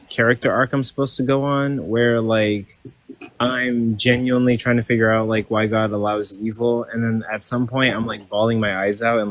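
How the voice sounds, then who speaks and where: A man chatting on a live online call, laid-back and rambling, full of "like" and "um". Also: fairly low pitch. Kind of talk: casual chat on a live stream.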